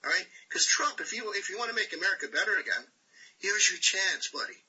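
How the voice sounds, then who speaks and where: A man's voice: high-pitched, lively intonation, brisk, sharp tone, husky. Impassioned man ranting on a lo-fi call. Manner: preachy, repetitive "all right?" tag questions. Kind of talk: impassioned rant on a group call.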